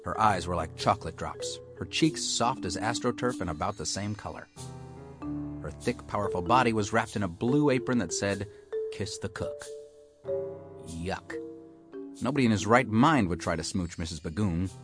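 A man's voice: on the low side, moderate pace, over music. A man reading a children's story in the first person as a wisecracking, hard-boiled detective. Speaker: audiobook narrator.

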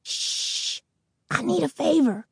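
A woman reading an audiobook, voicing a secretive fifth-grade boy who talks in an urgent hush. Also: sits high, lively intonation, moderate pace, no echo, clean studio sound, voice pushed up. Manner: hushed and urgent when whispering.

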